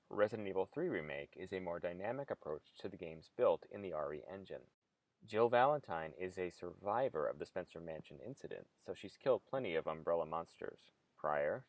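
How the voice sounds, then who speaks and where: Low-voiced male essayist, measured analytical read, dry close sound. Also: no room sound. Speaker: video essayist. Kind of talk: scripted narration.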